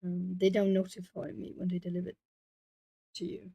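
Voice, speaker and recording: A woman's voice: lowish voice, level tone, normal speed, creaky, warm tone, breathy edge. A woman with Portuguese as her hosts an art stream at home. She chats casually with viewers while she colours, musing aloud as she goes. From Brazil.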